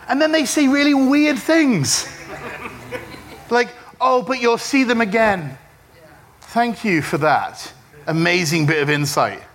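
Middle-aged male pastor, high-pitched voice, lively sermon delivery with jokes and call-and-response. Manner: animated preaching with humor and audience call-and-response. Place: church service.

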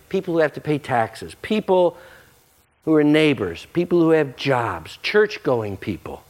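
Pastor preaching a casual, animated sermon with a very lively voice. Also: male voice, on the high side, unhurried. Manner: animated, conversational, jokey.

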